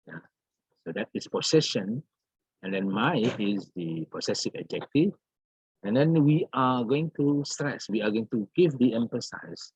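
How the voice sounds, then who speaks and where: Slow, husky-voiced man teaching grammar. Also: on the low side, no echo. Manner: halting and repetitive, restarts phrases, many fillers. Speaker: English teacher. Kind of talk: recorded grammar lesson. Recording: dull lo-fi dry recording.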